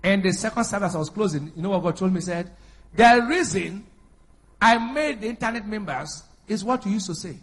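A pastor preaching a sermon in a high, husky voice. He calls out questions for the congregation to answer and swells into loud, emphatic declarations. His delivery moves between quiet asides and forceful preaching. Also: lively intonation, fairly quick. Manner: preaching with call-and-response, rising to loud emphatic bursts.

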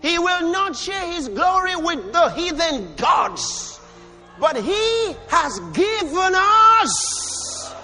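A man preaching a sermon, emphatic, asking rhetorical questions and breaking into sudden shouts. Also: very high voice, sing-song, drawn-out words, faint music behind.

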